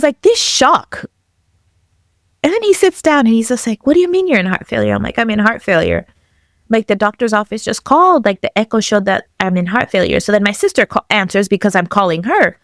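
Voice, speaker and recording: A woman of middle pitch tells a hard personal story with emotion. She lively acts out each exchange of dialogue. The recording is close and dry. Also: vocal fry, no room sound. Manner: animated, acts out dialogue in quotes. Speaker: podcast guest.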